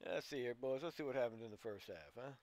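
A man's voice: mid-range voice, animated, fast, no room sound. A man giving casual play-by-play commentary on a basketball video game, talking like a folksy coach who keeps calling his players boys and son. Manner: gets louder and more urgent during play. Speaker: gaming commentator.

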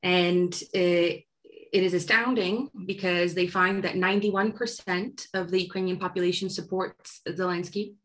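A woman moderates an academic panel discussion. Her voice is fairly low for a woman. She speaks in a measured, sympathetic way, picking up points and steering the conversation. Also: steady tone, a bit bright, poor audio.

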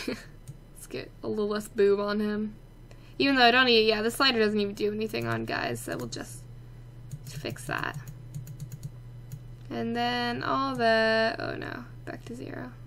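Chatty gamer girl, high voice, talks to her sims the whole time. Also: lively intonation, measured pace, long pauses, a bit bright, slight background noise. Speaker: let's play gamer. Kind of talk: casual gameplay commentary.

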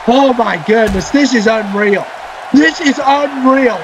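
A man who is a parent, commentating a wrestling video game with excitement, often shouting and cheering. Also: very high voice, slow, highs cut off, crowd noise, background noise. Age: adult, a parent. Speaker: gaming channel host. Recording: loud game music underneath.

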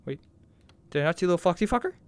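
A woman's voice: fairly low pitch, animated, rapid-fire, background noise. A woman giving profane, reactive commentary as she plays a video game, exclaiming and shrieking at jump scares. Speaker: video game let's player.

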